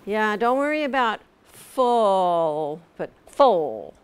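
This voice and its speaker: A patient woman teaches pronunciation in a classroom, speaking slowly and drawing each sound out for her students. She is middle-aged, with a voice of ordinary pitch. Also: animated, slight background noise. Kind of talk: classroom instruction.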